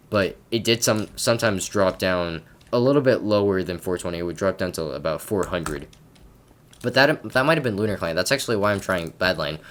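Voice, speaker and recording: A man's voice: low-pitched, a bit bright, slight background noise. A man from Canada giving casual gameplay commentary at his computer, rambling and stammering with lots of repeated words and self-mocking asides. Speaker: gaming commentator.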